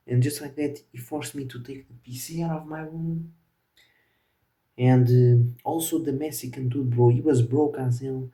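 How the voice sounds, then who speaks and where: Young male vlogger, casual and slangy, dark voice, slightly distant mic. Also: mid-range voice, steady tone, moderate pace. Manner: slangy, keeps saying "bro". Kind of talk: casual storytelling to camera.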